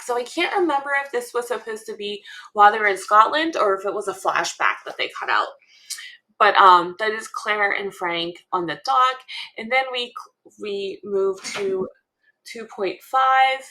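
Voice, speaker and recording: A woman co-host chats in an unhurried, meandering way, often pausing on an um before she goes on. Her voice is bright and forward. She sounds relaxed and conversational. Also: mid-range voice. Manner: chatty, thinking aloud with frequent ums and laughs. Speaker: podcast co-host. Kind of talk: casual fan analysis chat.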